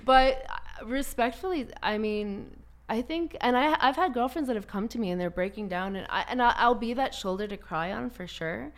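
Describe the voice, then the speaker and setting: Animated woman telling a story. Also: a little high, moderate pace. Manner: animated storytelling, laughs often. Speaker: guest. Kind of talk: casual conversation.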